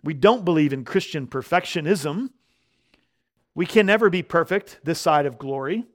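A male pastor preaching a sermon, growing loud and slow on key words and when quoting scripture. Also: fairly high pitch, animated.

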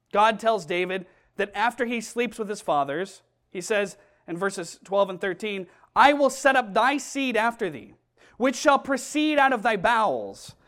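A man preaching a sermon, emphatic and deliberate, repeating key phrases and slowing down to stress them. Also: sits high, fairly bright tone.

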